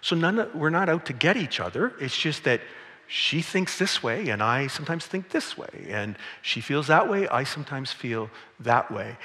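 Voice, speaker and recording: A middle-aged man preaching to his congregation in a bright, forceful voice. He talks in a loose, conversational way and tells stories along the way. A long reverb from the big church hall trails behind him. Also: mid-range voice. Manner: conversational, storytelling, with playful acted quotes. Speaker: pastor. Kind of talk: sermon. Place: church sanctuary.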